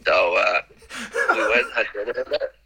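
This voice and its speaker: A man's voice: fairly low pitch, moderate pace, vocal fry, pushed and bright, slightly rough, low-quality recording. A middle-aged man, a podcast guest rambling through anecdotes, repeating words and acting out the dialogue. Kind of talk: casual anecdotal storytelling.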